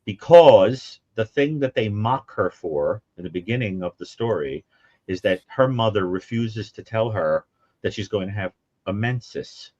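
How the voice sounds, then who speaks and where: Animated man retelling horror movies. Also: measured pace, no echo, highs cut off. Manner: animated storyteller, acts out quotes in high mimicking voices. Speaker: co-host. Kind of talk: casual call-in show chat about horror films.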